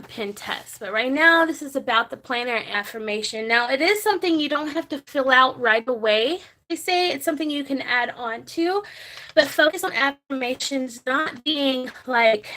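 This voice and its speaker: A woman's voice: fairly high pitch, rough recording. A young woman chatting casually in a planner vlog as she writes on camera, talking openly about feeling anxious. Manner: chatty, warm toward viewers, talks while writing. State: nervous, anxious. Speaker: planner vlogger.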